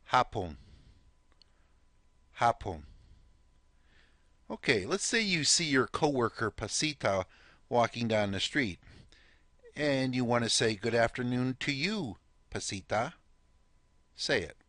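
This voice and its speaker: A man's voice: mid-range voice, expressive, a little slow, a bit bright, no echo. A man teaching a language lesson, patiently repeating words and prompting the listener to say them back. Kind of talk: slow step-by-step language lesson.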